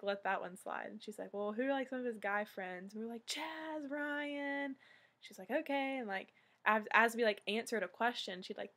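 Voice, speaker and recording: A woman's voice: medium pitch, creaky. A young woman, telling a story in a chatty vlog style full of fillers. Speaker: vlogger. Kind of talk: casual storytelling.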